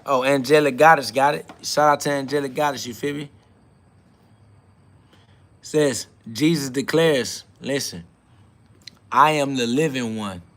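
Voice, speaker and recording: A man hosting a podcast, delivering a freewheeling spiritual monologue in street slang, quoting scripture and swinging between loud hype and low murmurs. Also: unhurried, pauses often. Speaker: podcast host.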